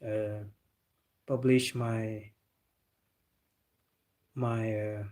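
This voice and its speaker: A man's voice: medium pitch, level tone, extremely slow, pauses often, darkish tone. A man hosting a football live stream, chatting casually and searching for his words with fillers and restarts. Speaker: football channel host.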